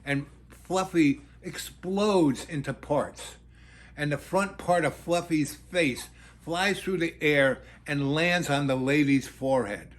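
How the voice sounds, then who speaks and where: A man's voice: on the high side, takes it slowly. Rambling man telling a story. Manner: animated, full of fillers and restarts.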